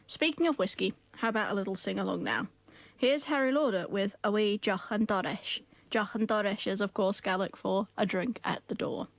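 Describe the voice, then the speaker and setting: A woman's voice: mid-range voice, normal speed, slight background noise. A woman radio presenter reading news in English and Gaelic, with light personal asides.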